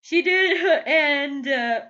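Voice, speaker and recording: Woman, casual review vlog, gushing, high voice, muffled lo-fi recording. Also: drawn-out words, pushed and bright. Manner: gushing, emotional, many "like" fillers. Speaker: TV show reviewer.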